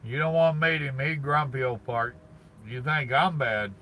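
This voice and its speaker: A man's voice: mid-range voice, steady tone, normal speed, pushed and bright, low-quality recording. An older man, chatting casually on a live stream from his parked truck cab and greeting viewers by name in a folksy drawl.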